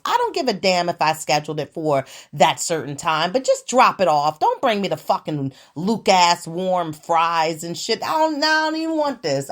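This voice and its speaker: A woman hosting her own show, telling everyday stories in a sassy, profane, animated way. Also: mid-range voice. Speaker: podcast host. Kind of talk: casual storytelling monologue.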